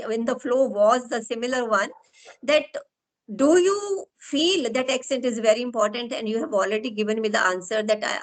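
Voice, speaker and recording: A middle-aged woman with an Indian English accent hosting an interview, asking long, winding questions with pauses. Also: on the high side, fairly bright tone, low-quality recording. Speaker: interviewer, host of English-speaking sessions. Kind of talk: conversational interview.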